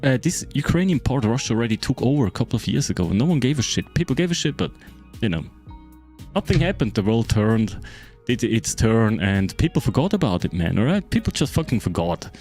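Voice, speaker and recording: A man's voice: medium pitch, big pitch swings, fairly quick, darkish tone, soft background music. A German man whose first language is German, speaking with a German accent. He chats loosely to friends with lots of fillers, swearing, and repeated checks like "right?". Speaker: game streamer. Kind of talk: casual chat explaining a map to friends.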